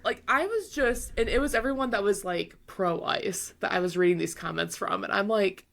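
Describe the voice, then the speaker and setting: A woman's voice: medium pitch, animated, moderate pace, creaky, a bit bright. A young woman co-hosting a podcast, rambling casually with lots of fillers and playful quoting. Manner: rambling, full of fillers and acted-out quotes, laughs often. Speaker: podcast co-host. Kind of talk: casual chat.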